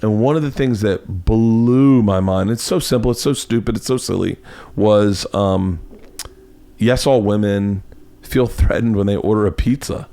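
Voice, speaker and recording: Man, podcast host from Florida, loose animated storyteller, lowish voice. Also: unhurried. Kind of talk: casual chat. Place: home studio.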